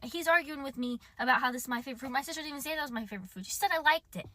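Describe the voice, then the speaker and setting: Bright, animated young woman telling a story. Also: sits high, rapid-fire. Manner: animated, dramatic retelling. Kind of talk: casual storytime.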